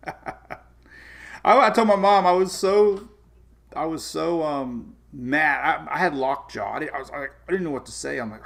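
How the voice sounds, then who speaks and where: Gravelly-voiced man telling a story casually. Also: fairly high pitch, moderate pace. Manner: animated storytelling, frequent laughs and restarts. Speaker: weather show host. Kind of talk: casual livestream chat.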